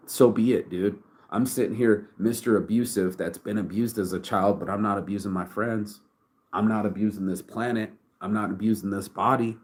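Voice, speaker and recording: A man's voice: fairly low pitch, moderate pace, a little mellow. A man in his forties giving a raw, emotional vlog monologue full of swearing and stumbling, repeated words. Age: 40s. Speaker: vlogger and shirt brand owner.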